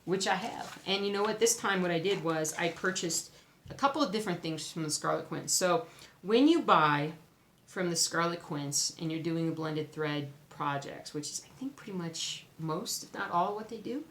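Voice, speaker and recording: A woman with a somewhat low voice chats to her viewers about her stitching, excitable and quick to exclaim. The room around her is echoey, with a faint hiss of background noise. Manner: excitable, chatty, exclaims often. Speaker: cross-stitch vlogger. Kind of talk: casual chat to camera.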